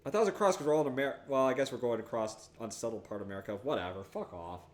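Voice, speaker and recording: A man streaming and commenting on an old computer game, rambling and swearing, often bursting into loud excited outbursts. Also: mid-range voice, quick pace, a little hiss or hum. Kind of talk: live-streamed gameplay commentary.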